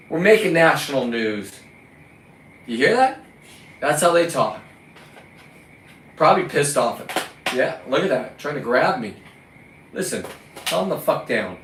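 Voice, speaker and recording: A man's voice: medium pitch, a bit bright. Profane, combative man ranting from afar. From California. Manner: combative, profane, talks to the lobsters. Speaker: recreational lobster fisherman. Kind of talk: ranting vlog monologue. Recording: roomy, distant mic, faint ambient noise.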